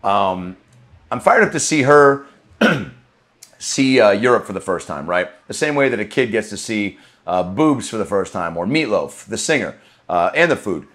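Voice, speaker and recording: A man's voice: lowish voice, big pitch swings, measured pace, a bit bright. A male comedian hosting a podcast, riffing in a loose, profane, rambling monologue from a comedy club green room.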